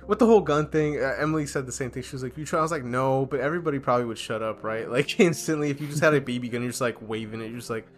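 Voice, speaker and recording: A man's voice: medium pitch, rapid-fire, few pauses, soft background music. Rambling young man on a podcast. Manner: rambling, heavy filler and swearing, animated impressions. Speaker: podcast co-host. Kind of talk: casual podcast chat.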